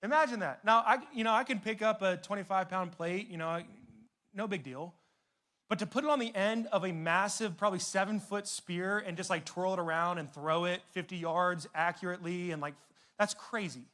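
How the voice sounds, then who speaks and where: A man delivers a youth sermon in a loose, chatty style full of slang and asides. His voice sits high and sounds bright and forceful. He keeps the energy up as he talks to young listeners. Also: a little fast. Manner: casual, animated, conversational with slang. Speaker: youth pastor.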